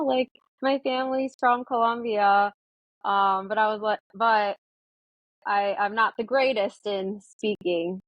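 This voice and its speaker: A woman's voice: mid-range voice, no echo, lo-fi sound. A woman in her twenties, a therapist from the United States, chatting as a guest in a casual interview, with lots of "like" and acted-out quotes of herself.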